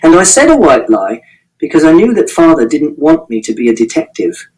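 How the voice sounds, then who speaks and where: A man's voice: a little high, big pitch swings, brisk, a little mellow, distant mic, rough recording. A man reading a novel aloud in first person, in a plain, matter-of-fact, literal way. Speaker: audiobook reader.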